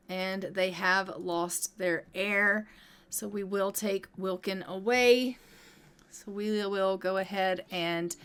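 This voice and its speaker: A woman casually narrating her life-simulation gameplay step by step, chatty and gentle, now and then voicing her characters in quick asides. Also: mid-range voice, clear, resonant tone. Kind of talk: casual let's-play commentary.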